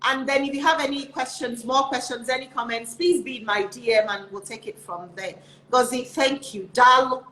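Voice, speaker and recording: A woman's voice: fairly high pitch, moderate pace, sharp tone, a little hiss or hum. A woman hosting an interview show, wrapping up with encouraging words to her viewers. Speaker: host. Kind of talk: casual interview chat. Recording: echoey room.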